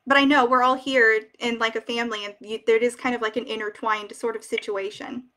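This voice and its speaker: A woman's voice: on the high side, level tone, fairly quick, bright, forceful tone. A young woman hosting a casual live stream, reading viewer comments aloud and chatting emotionally with many fillers. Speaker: wig shop ambassador hosting a live stream.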